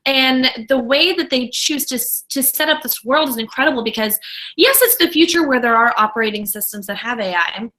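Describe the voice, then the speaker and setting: A woman with a bright, clear voice that sits a little high, chatting as co-host of a film podcast. She is enthusiastic and blunt and jokes freely about films she loves. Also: a little fast, rough recording. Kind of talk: casual chat.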